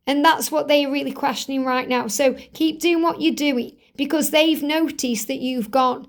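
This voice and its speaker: Woman tarot reader, high-pitched, reassuring, repeats phrases for emphasis. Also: moderate pace, hardly any pauses. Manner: earnest, reassuring, speaks straight to the viewer. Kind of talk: tarot reading to camera.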